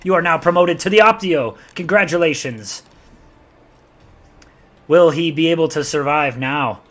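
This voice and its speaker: A man's voice: a little high, measured pace, a bit bright. A man from New York with a New York accent, rambling chattily through live gameplay commentary and talking to his chat. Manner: chatty, rambling, talks to chat while playing. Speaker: gaming streamer.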